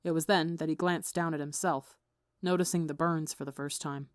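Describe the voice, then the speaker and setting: A woman narrating a fan fiction story in an even, measured way. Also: low voice, no room sound, clean studio sound. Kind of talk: audiobook reading of fan fiction.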